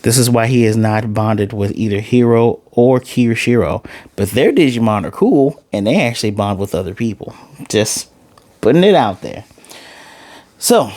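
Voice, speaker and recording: A man casually recapping and ranting about an anime episode, rambling and acting out the characters' lines as he goes. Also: mid-range voice. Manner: animated retelling, acts out lines, rambling. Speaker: anime reviewer.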